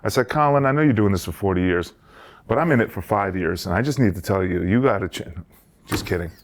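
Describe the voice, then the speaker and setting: A man's voice: lowish voice, fast. Eastern European man telling stories. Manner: animated storyteller, quotes others in voices. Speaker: podcast co-host and comedian. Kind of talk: casual podcast chat.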